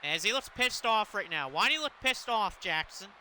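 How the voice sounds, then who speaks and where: A man casually commentating a wrestling video game, excitable and chatty, laughing often. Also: high-pitched, normal speed, slight background noise. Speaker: gaming commentator. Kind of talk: casual let's-play commentary.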